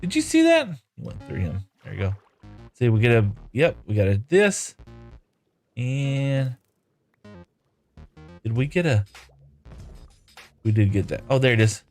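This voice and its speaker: A man talks casually through a live stream as he builds, reading viewers' comments aloud and thanking them. His pitch moves up and down a lot. Faint music plays underneath. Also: sing-song, a little slow, long pauses, darkish tone. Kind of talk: casual live-stream chat while playing.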